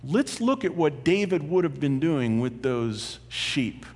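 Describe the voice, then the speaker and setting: A man preaching a sermon as pastor, animated and conversational, with asides and light laughter. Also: a little high, takes it slowly. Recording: long hall reverb.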